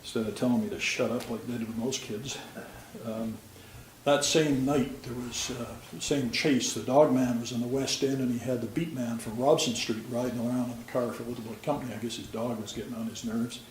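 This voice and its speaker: An older man recalls his years on the police force in a plain, folksy way, with dry humor between the stories. His voice sits at an ordinary pitch. The recording is roomy, with a faint hum behind him. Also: fairly even intonation, fairly quick. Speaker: retired police officer. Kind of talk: storytelling. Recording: roomy sound with faint background noise.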